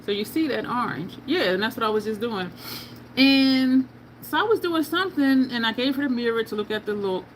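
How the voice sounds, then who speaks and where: A woman's voice: on the high side, lively intonation, brisk, slight background noise, poor audio. A woman beauty vlogger chatting casually through a makeup tutorial, telling stories and laughing often.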